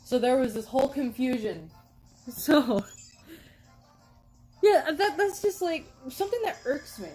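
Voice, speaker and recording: A woman's voice: sits high, animated, unhurried, long pauses, darkish tone, breathy edge, soft background music, poor audio. A woman streamer chatting casually with her viewers, laughing often and answering chat.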